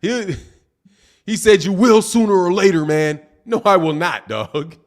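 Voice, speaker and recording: A man's voice: high voice, a little slow. A man hosting a live boxing stream, reading chat comments and answering them in a combative, teasing way with lots of "man" and "dog". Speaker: boxing channel host.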